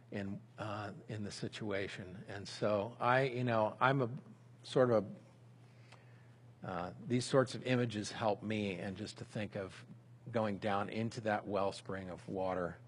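A man giving a sermon in a relaxed, conversational way, speaking example prayers aloud as he teaches. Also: lowish voice, measured pace, husky. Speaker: pastor.

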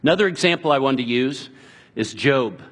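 Husky-voiced man preaching earnestly. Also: mid-range voice, expressive. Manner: earnest, conversational preaching with restarts and quiet, slowed passages. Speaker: pastor. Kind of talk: sermon.

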